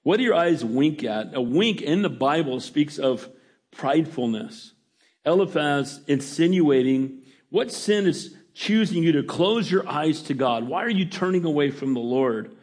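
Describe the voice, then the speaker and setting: A man's voice: a little high, expressive, measured pace, darkish tone, slightly rough. A middle-aged male pastor preaching a folksy sermon, reading scripture and asking the congregation for amens.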